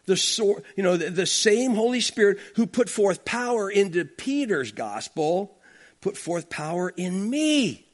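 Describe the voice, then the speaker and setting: A man's voice: high voice, sing-song, measured pace. A man preaching an expository sermon, talking emphatically and conversationally, with frequent asides to the congregation. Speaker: pastor.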